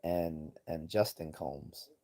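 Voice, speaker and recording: A man runs a livestream in a rumbling low voice, slow and warm. His commentary is blunt, profane and rambling, and he reads chat messages aloud.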